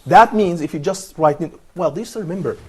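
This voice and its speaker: Husky man teaching Arabic letters. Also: on the high side, fast talker, a little mellow. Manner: patient, encouraging, repeats and praises students. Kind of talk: online language lesson.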